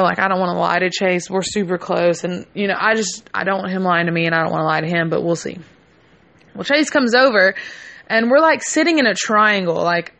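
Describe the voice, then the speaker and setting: A young woman spins a casual story in a bright, sharp voice. She is brash and profane, throwing herself into it and acting out what her friends said. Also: medium pitch.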